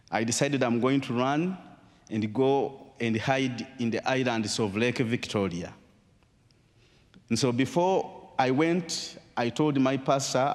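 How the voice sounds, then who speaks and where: Male guest speaker, storytelling testimony, dramatic pauses, echoing large hall. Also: mid-range voice. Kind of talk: personal testimony talk.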